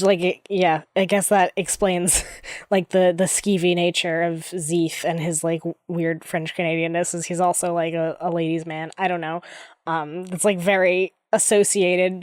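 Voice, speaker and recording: A woman's voice: on the low side, no echo, studio quality. A woman co-hosting a podcast, chatting casually about a book with lots of fillers and rambling asides. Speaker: podcast co-host. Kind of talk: casual book discussion chat.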